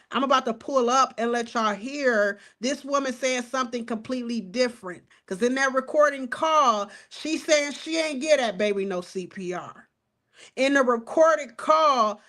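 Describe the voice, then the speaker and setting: A woman in her forties giving fired-up casual commentary on a crime case, outspoken and animated, talking straight to her viewers and cussing as she goes. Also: high-pitched. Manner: animated, outspoken, cusses and addresses viewers as y'all.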